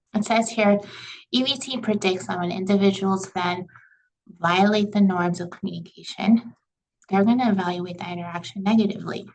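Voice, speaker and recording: Young woman lecturer, kinda gravelly voice, chatty and casual, lots of "like" and "you know". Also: medium pitch, low-quality recording. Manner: conversational, uses "like" and "you know" often. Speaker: college communication instructor. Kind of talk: recorded lecture over slides.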